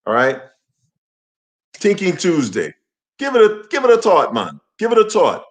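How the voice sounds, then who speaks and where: A man's voice: high voice, huge pitch swings, unhurried. A male co-host in casual comedic chat who rambles and keeps repeating himself.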